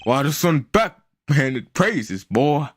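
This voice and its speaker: A man's voice: on the high side, sing-song, slight background noise. A man putting on a gloating old villain voice. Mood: mocking. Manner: slow, gloating, condescending. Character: pompous old male ambassador villain. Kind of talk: reading game dialogue aloud.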